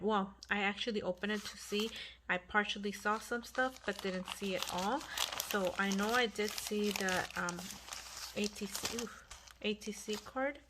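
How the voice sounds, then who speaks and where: A woman hosting a home crafting channel, speaking in a hushed half-whisper and gushing with lots of fillers. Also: mid-range voice. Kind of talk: casual crafting vlog. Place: home at night.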